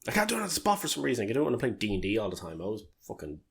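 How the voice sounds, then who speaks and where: A man's voice: on the low side, huge pitch swings, rapid-fire, vocal fry, husky. An Irish man co-hosting a podcast in casual chat, rambling and joking with loose swearing. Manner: rambling, swears freely, jokey. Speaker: podcast co-host.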